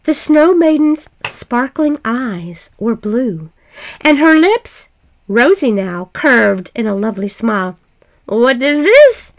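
Expressive high-voiced woman reading a fairy tale. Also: slow pace. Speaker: storyteller. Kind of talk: fairy tale read-aloud.

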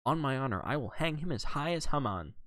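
A man's voice: mid-range voice, animated, fairly quick, a bit bright, no echo, pitched above the performer's own voice, close to an everyday voice. A man reading a novel aloud, voicing a grave, earnest middle-aged male detective with a formal manner.

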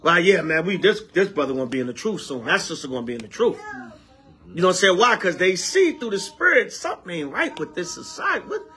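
Guy preaching as an elder, high voice, real street-casual, keeps calling out to the room. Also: quick pace. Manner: street-casual, animated, repeats for emphasis. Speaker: elder teaching a congregation. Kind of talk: preaching with call-and-response.

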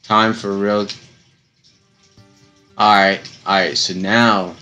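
A young man giving casual, slangy commentary while playing a video game, slightly hoarse from losing his voice. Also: fairly low pitch, flat delivery, slow pace, bright, forceful tone, soft background music. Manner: laid-back, slangy, chatty. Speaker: gaming YouTuber.

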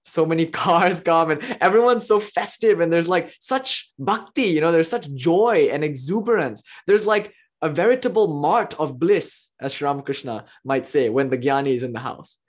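Spiritual teacher, philosophy lecture, animated storytelling, laughs often, jumps from excited to hushed. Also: medium pitch, moderate pace, hardly any pauses. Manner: swings between excited exclamations and hushed asides.

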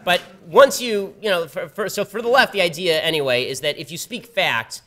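Campus guest speaker, male; brisk, sardonic storyteller with a slightly high pitch. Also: crowd noise. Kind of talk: public talk with a told anecdote. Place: university event before a live audience.

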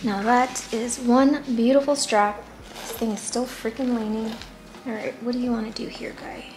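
A woman's voice: on the high side, fairly even intonation, normal speed, echoey room, music in the background. A young woman vlogging casually about her houseplants at home, chatty and self-deprecating, recorded on a camera mic some distance away. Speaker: plant vlogger. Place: apartment room.

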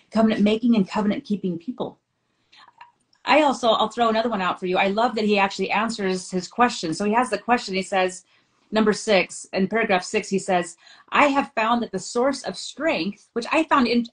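A woman's voice: mid-range voice, low-quality recording. A middle-aged woman hosting a scripture study discussion. She talks in an earnest way, reads passages aloud and tells family anecdotes. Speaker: host.

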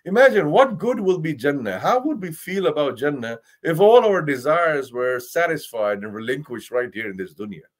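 A man, an imam, giving a Quran lesson, telling stories with swings from loud to hushed and reciting Arabic verses quickly. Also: on the high side, big pitch swings.

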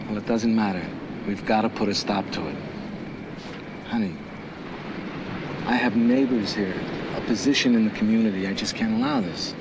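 An actor playing a stern but lenient middle-aged uncle who scolds in a measured way, on a noisy film soundtrack. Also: male voice, lowish voice, lightly acted.

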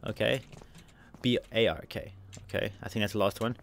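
A man's voice: lowish voice, fairly even intonation, moderate pace, vocal fry, noisy background. A man commentating a video game as he plays, narrating every move, spelling out letters and repeating himself. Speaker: let's play gamer.

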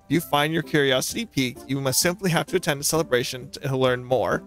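A flamboyant male showman who boasts of his troupe and his travels, read aloud by a man playing a video game. The delivery is grand and theatrical, at a middling pitch, with faint music underneath. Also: fast, fairly bright tone, close to an everyday voice. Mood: grandiose. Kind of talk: reading game dialogue aloud.

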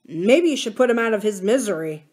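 A woman's voice: mid-range voice, expressive, fairly quick, darkish tone, slightly rough. A woman reading the part of a grieving, bitter middle-aged man. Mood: tense.

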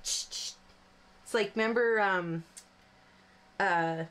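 A woman's voice: mid-range voice, extremely slow, fairly bright tone, clear, resonant tone. Chatty woman hosting a craft tutorial. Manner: chatty, rambling, self-deprecating with frequent fillers. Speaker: card-making tutorial host. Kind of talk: casual crafting demonstration.

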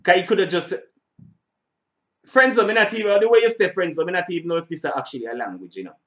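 Speaking quickly in a high-pitched voice, this middle-aged reaction channel host rambles loosely through his video. He repeats points and lets the occasional swear word slip.

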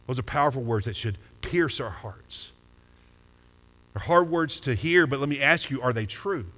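A man's voice: medium pitch, lively intonation, normal speed, pushed and bright. A man preaching a sermon as pastor, talking conversationally and putting questions to the congregation. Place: church sanctuary. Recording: long hall reverb.

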